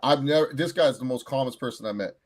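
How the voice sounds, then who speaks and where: A man co-hosts a relaxed review chat with an ordinary, mid-pitched voice. He tells stories animatedly and acts out what other people said along the way. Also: fast talker. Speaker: co-host.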